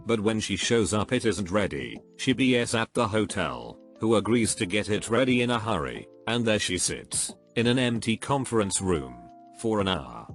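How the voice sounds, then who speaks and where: A man narrating online posts in a steady, scripted reading. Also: lowish voice.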